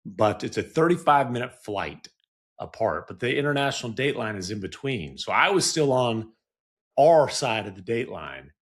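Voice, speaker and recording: A man's voice: mid-range voice, sing-song, normal speed. A man co-hosting a podcast, talking in an easygoing, self-deprecating way in casual chat. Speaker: podcast co-host. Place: home studio.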